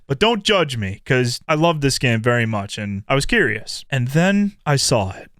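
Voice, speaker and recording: Animated, profane young man ranting. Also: on the high side, no echo, studio quality. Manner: animated, profane, swings into loud mock-dramatic outbursts. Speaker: gaming YouTuber. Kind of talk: candid vlog rant.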